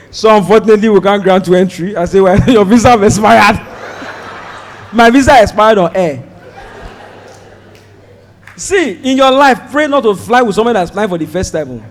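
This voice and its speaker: A Nigerian man doing stand-up, telling a story and acting out the dialogue with sudden loud outbursts. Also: high-pitched, unhurried, pauses often, in a large hall. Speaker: stand-up comedian.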